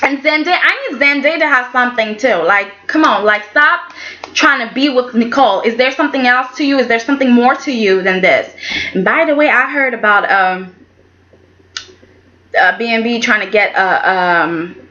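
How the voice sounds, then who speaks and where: A woman's voice: a little high, moderate pace, sharp tone, dull audio. A woman chatting casually as she reviews a soap opera episode, sassy and chatty, often tagging her lines with okay. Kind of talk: casual vlog recap.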